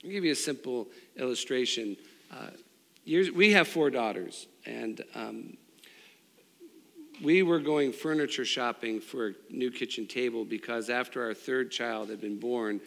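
A middle-aged man preaching a sermon, telling a personal story with restarts and swings between loud and hushed. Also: medium pitch, unhurried, creaky. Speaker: pastor. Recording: long hall reverb.

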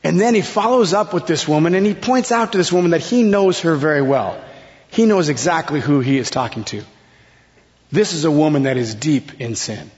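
A man preaching a sermon in a slow, dramatic way, his voice dropping to a hush at key words. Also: on the high side, animated. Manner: slow, dramatic delivery with sudden soft drops. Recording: long hall reverb, dull lo-fi sound.

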